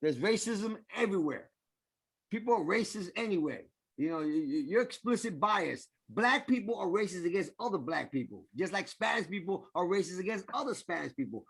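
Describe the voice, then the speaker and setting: Guy ranting on a comedy talk show, husky raspy voice, blunt, keeps repeating himself. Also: sits high, very animated, a little fast, a bit bright. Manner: blunt, brash and argumentative, stumbles over repeated words. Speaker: comedian co-host. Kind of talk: loud comedic banter.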